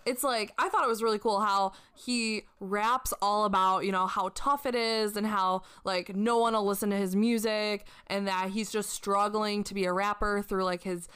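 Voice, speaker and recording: A woman co-hosting a casual music review chat, talking excitedly with lots of "like" fillers. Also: medium pitch, normal speed, few pauses, clean tone. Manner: excited, gushing, many "like" fillers. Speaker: co-host reviewing songs.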